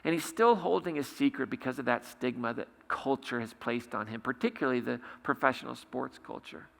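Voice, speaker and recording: Man, pastor, sermon storytelling, gravelly, bright edge, long church reverb. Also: medium pitch, a little fast. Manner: retelling scenes with hesitant restarts. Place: church sanctuary.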